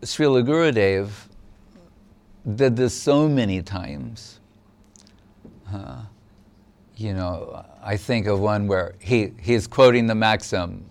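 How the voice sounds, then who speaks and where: Male spiritual teacher, devotional lecture, unhurried and smooth, mid-pitched, reflective. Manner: measured, reflective explaining.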